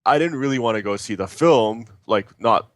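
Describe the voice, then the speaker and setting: A man's voice: mid-range voice, expressive, moderate pace, no echo. A young man with a Canadian accent, co-hosting a casual podcast and rambling with many fillers. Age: young adult. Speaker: podcast co-host. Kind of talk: casual chat.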